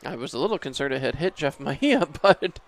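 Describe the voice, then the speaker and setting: A man's voice: fairly high pitch, lively intonation, fairly quick, creaky. A man calling baseball play-by-play from an outdoor ballpark booth, easygoing and chuckling, his voice rising sharply on big hits. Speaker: play-by-play announcer.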